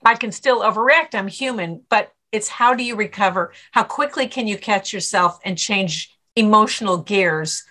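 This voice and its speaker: A middle-aged woman, a stress coach, answering interview questions and telling lively anecdotes in which she acts out her own inner voice. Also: mid-range voice, normal speed, hardly any pauses. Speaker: author and stress coach guest.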